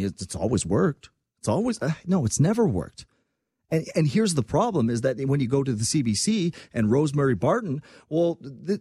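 A man from Quebec giving casual political commentary on his own program, animated and sarcastic. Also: medium pitch, husky, no room sound. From Quebec, Canada. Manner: animated, sarcastic, quick asides.

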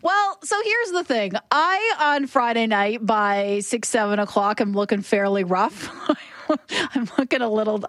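A woman's voice: mid-range voice, fairly bright tone, no echo, studio quality. A woman co-hosting a radio show, chatting casually and poking fun at herself with frequent laughs. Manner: chatty, self-deprecating, laughs often.

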